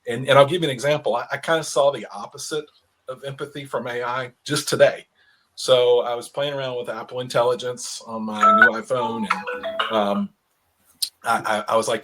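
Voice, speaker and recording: A man's voice: mid-range voice, fairly even intonation, normal speed, bright, forceful tone. A man speaking as an expert on a panel discussion, chatty and self-deprecating, with frequent restarts and repeated words.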